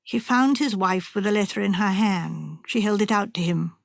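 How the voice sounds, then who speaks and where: A woman narrating a mystery audiobook in a measured, even storytelling manner. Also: medium pitch, gravelly, no echo, clean studio sound. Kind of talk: scripted narration.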